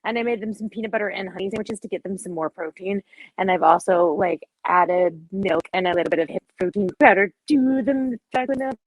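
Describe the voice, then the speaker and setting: A woman's voice: mid-range voice, fairly quick, dry recording, low-quality recording. A woman player in a tabletop role-playing game, speaking in character in a motherly, fussing way.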